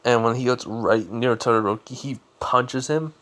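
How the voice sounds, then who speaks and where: A man's voice: medium pitch, moderate pace, a bit bright. A young man casually telling a fan fiction story off the cuff, rambling with lots of fillers and restarts.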